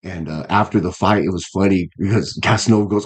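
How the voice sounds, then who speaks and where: A deep, husky voice speaks briskly: a man in his fifties, appearing as a guest boxer in a casual interview. He talks earnestly, with many restarts and fillers.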